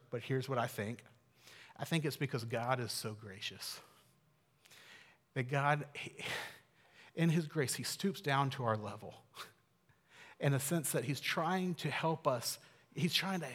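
A male pastor delivers a sermon with earnest conviction, at a medium pitch. He falls to near-hushed softness and then swells to emphatic, raised passages. His voice rings with long reverb, as in a large hall. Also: vocal fry, husky.

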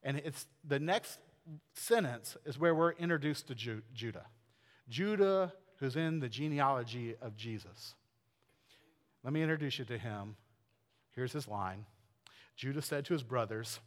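A male pastor preaching in a casual, animated storytelling way, full of fillers and asides. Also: mid-range voice, normal speed, big-room sound. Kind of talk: sermon.

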